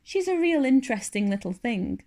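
A woman's voice: a little high, very animated, moderate pace, mellow. A woman doing a shy, hesitant old farmer. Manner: hesitant, mild, stammering. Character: shy, gentle, soft-spoken older farmer man.

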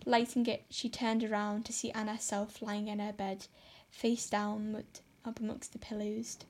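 A woman's voice: medium pitch, level tone, normal speed, darkish tone, slight background noise. Woman narrating a classic story evenly. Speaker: audiobook narrator.

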